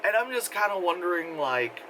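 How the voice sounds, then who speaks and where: A man with a bright, forceful, fairly high voice rambles through a casual movie review, sarcastic and loose, full of fillers. He is recorded outdoors with faint wind noise. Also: sing-song, normal speed, poor audio.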